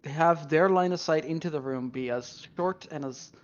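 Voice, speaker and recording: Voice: medium pitch, normal speed. Player thinking aloud on a dull lo-fi line. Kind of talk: casual tabletop game chat. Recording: dull lo-fi sound.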